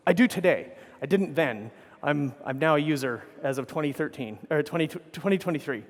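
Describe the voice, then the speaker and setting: A man's voice: fairly high pitch, animated, a little fast, in a large hall. A man giving a conference keynote, telling rambling anecdotes full of swearing and self-corrections into a stage microphone. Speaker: keynote speaker.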